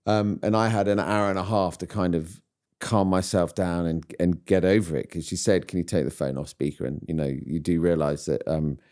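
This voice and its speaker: A middle-aged man speaks with a very low, warm voice. He chats in a rueful, self-deprecating way. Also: steady tone, brisk. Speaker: podcast guest. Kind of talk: casual chat.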